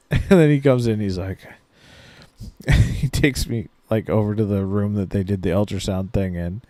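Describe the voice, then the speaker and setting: A man's voice: fairly low pitch, normal speed, mellow, dry recording. A man co-hosting a podcast, telling a story in a casual, profane, laid-back way and acting out the people he quotes. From Maine, USA. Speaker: podcast co-host.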